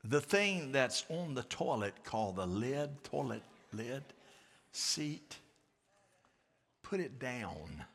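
A man's voice: medium pitch, expressive, slow pace, vocal fry, a bit bright. A man preaching a sermon as pastor, calling on the congregation to answer and repeat after him. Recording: long hall reverb.

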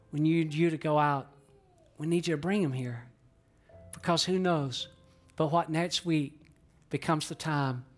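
A man preaching a sermon as pastor, earnest, with many rhetorical questions to the congregation. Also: fairly high pitch. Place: church auditorium in a theater.

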